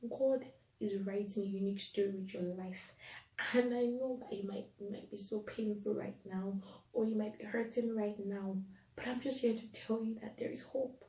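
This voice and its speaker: A woman's voice: medium pitch, warm tone, recorded from a distance. Earnest woman preaching in a roomy space. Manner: earnest, pleading, repeats phrases for emphasis. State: tearful at times. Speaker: podcast host. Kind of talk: inspirational Christian talk. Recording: roomy echo, voice set back from the mic.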